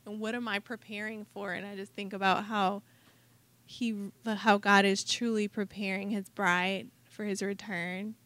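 A woman's voice: mid-range voice, flat delivery, a little slow, a bit bright. A woman earnestly sharing reflections in a casual group discussion. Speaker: group member commenting.

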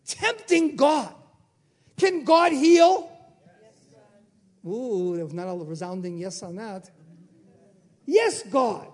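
A male preacher with a strikingly high voice delivers a sermon. He peppers the congregation with rhetorical questions and swings from loud exclamations to hushed asides. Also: sing-song. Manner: rapid-fire rhetorical questions.

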